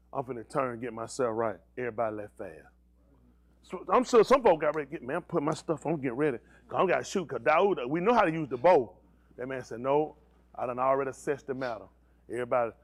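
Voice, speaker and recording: A male pastor preaching a sermon, asking the congregation questions and teasing them in slang. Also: mid-range voice. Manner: animated preaching with call-and-response questions and slang.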